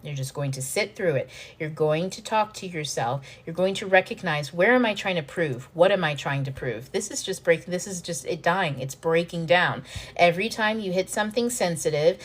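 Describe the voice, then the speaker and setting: A woman hosting a self-help video, explaining ideas in a frank, animated way, swearing freely and acting out panicked inner voices. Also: lowish voice, normal speed. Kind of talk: casual teaching monologue to camera.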